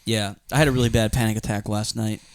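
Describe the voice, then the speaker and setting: A man's voice: lowish voice, little pitch movement, fast, dry recording. A man with a Philadelphia-area accent, co-hosting a casual podcast, telling stories in a rambling way, laughing often and acting out what people said. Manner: rambling storyteller, laughs often, acts out quotes. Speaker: podcast co-host. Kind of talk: casual chat.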